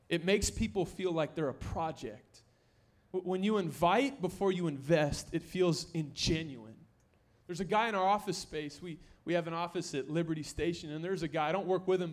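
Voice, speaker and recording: A young man preaching a sermon in a church, joking with the congregation and rising to near-shouts to stress his points. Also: fairly high pitch. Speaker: pastor. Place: church sanctuary.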